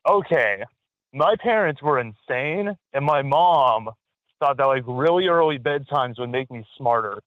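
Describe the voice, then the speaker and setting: A man's voice: mid-range voice, lively intonation, unhurried, no room sound. A man with a Southern American accent calling in to a radio show, chatting in an easygoing, pleasant way. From rural US South. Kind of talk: casual call-in chat. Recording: tinny phone line.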